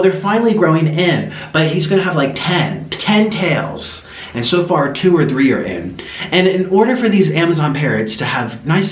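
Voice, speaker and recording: A man chatting casually to camera as a vlogger, rambling in an animated, talkative way. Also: fairly high pitch, echoey room.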